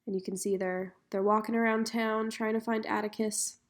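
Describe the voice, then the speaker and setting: A woman's voice: medium pitch, normal speed. Casual young woman retelling a story. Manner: relaxed, conversational, with fillers. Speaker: reader retelling a graphic novel.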